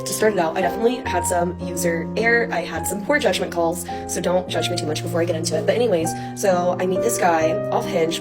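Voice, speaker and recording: A woman telling a dating story in a casual, chatty way, full of "like" fillers. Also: fairly low pitch. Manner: rapid, filler-heavy, chatty. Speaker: storyteller in a social media clip. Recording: clip with loud music underneath. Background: loud music.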